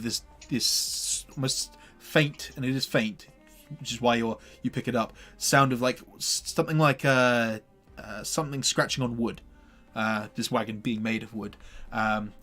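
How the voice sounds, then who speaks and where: Rambling game master. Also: male voice, medium pitch. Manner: rambling, full of fillers and restarts, relaxed. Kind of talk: narrating a tabletop game.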